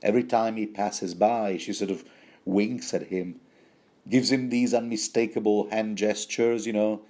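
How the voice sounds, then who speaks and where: Man, book commentary, hesitant and playful, mellow dark tone, lowish pitch. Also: steady tone, unhurried. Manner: hesitant, many fillers, self-correcting, playful asides.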